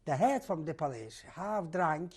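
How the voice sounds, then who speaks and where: An older man giving an oral history testimony in halting, non-native English, often repeating himself as he retells events vividly. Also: fairly high pitch, lively intonation, a little mellow, breathy edge. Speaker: testimony giver.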